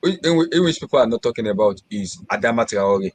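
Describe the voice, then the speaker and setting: Brief: male panelist, quick and stumbling delivery, dry close sound, casual football banter. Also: on the low side, animated, breathy edge, no echo. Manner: fast, halting, with many restarts. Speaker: guest panelist. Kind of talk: casual football chat on a live hangout.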